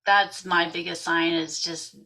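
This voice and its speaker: A woman's voice: fairly low pitch, steady tone, a little slow, bright, forceful tone, poor audio. A woman hosting a casual chat show, laid-back and easygoing. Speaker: host.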